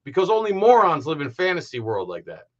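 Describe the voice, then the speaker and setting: A man's voice: fairly high pitch, wildly swooping pitch, brisk, muffled recording. A man hosting a reaction commentary who talks in an angry, sarcastic and insulting way. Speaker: commentary host. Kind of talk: reaction commentary over video.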